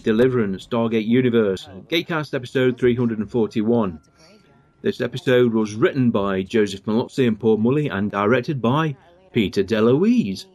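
This podcast host has a mellow, mid-range voice recorded with no room sound. He watches along, offering casual commentary and reading out episode trivia in a chatty way, chuckling as he goes.

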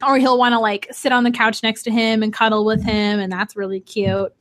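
A young woman and single mother chatting casually as a podcast co-host, telling animated stories. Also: fairly high pitch, a little fast. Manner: chatty, animated storyteller with laughs. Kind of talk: casual chat.

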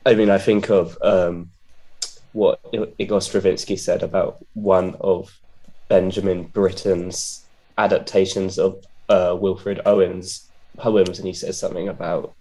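Man, deep low voice, hesitant, lots of fillers, casual talk. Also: flat delivery, measured pace, mellow. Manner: hesitant, filler-heavy, searching for words. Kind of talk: casual conversation about poetry and rap.

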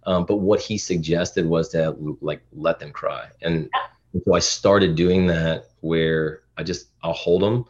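A man's voice: deep voice, fairly even intonation, a little slow, dull audio. A man in his thirties, a podcast guest, talking earnestly and emotionally in casual interview chat, often restarting his sentences. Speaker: podcast guest, dad influencer.

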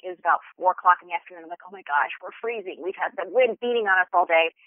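A woman on a travel show, telling stories in an enthusiastic, chatty way with lots of quick restarts. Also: medium pitch, no room sound. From United States. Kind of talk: casual phone interview. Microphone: telephone. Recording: tinny phone line.

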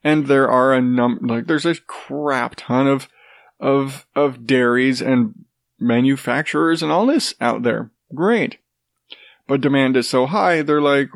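A man's voice: medium pitch, a little slow, dry recording, studio quality. A man with a congested, stuffy nose, rambling sarcastically in a casual, profane chat. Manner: rambling, sarcastic, swears freely.

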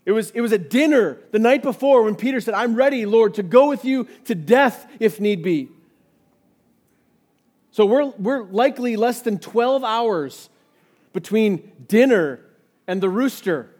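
A man's voice: high-pitched, animated, measured pace, darkish tone. A man preaching an expository sermon, reading scripture aloud and acting out the quoted lines with rising intensity. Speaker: pastor.

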